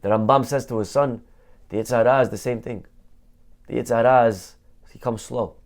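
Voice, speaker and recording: A man's voice: medium pitch, steady tone, brisk. A male rabbi teaching a Torah lesson, telling stories animatedly and dropping in Hebrew terms.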